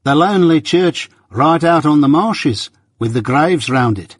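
Brief: man voicing a sly secretive stranger, raised and husky, insinuating questions in a storybook reading. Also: a little high, expressive, a little slow, dry recording, studio quality, pitched above the performer's own voice. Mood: probing. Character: sly secretive male stranger, middle-aged, cunning.

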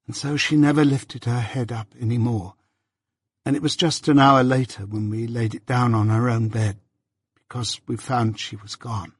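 A man giving a measured, reflective scripted narration of an audiobook. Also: medium pitch, steady tone, breathy edge, no echo, clean studio sound.

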